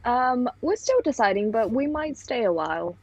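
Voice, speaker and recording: A woman playing a friendly young adventurer in a tabletop game, with a husky, gravelly voice. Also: fairly high pitch, very animated, moderate pace, no echo, poor audio. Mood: casual.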